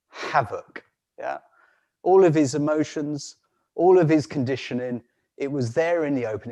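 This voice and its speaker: A man telling a folk tale on a video call in an unhurried way, with frequent restarts and soft laughs. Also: mid-range voice. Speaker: storyteller.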